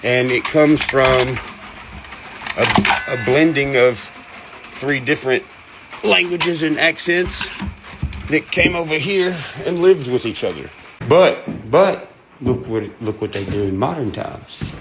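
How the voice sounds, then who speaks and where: A man's voice: medium pitch, slow pace, background noise. Blunt Southern man, folksy talk. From American South. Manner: blunt, folksy, plain-spoken. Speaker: host. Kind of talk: casual monologue.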